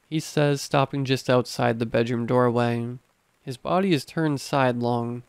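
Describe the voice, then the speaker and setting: A man reading horror stories aloud in measured, steady scripted narration. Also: medium pitch, clear, resonant tone, dry recording.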